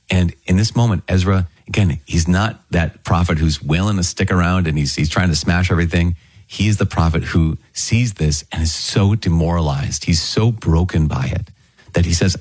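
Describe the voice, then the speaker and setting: A man teaches from scripture in an earnest, conversational sermon style. His voice sits very low with a husky edge. The recording is dry and close. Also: normal speed, darkish tone, no echo. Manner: earnest, conversational, repeats words and phrases. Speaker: preacher.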